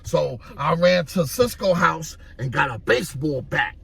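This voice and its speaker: A man from Harlem, telling street stories in an animated way and acting out the voices. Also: fairly high pitch, unhurried, gravelly, breathy edge. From Harlem, New York. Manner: animated, acts out voices, repeats "you know what I mean". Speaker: storyteller. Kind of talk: street storytelling vlog.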